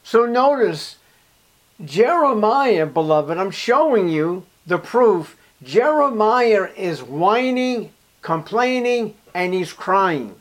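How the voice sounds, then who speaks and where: Male preacher with a high-pitched voice, emphatic, addressing the congregation directly. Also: very animated, slow pace. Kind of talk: sermon.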